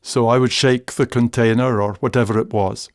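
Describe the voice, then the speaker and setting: A man, giving a scripted narration in a measured, gently humorous storytelling manner. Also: mid-range voice, fairly even intonation, clean tone, no room sound, clean studio sound.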